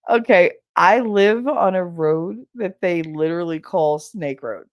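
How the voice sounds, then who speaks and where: A woman's voice: on the low side, measured pace, no room sound, lo-fi sound. A woman hosting a podcast, telling stories in a blunt, profane, casual way, laughing as she goes. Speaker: podcast host. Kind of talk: casual storytelling chat.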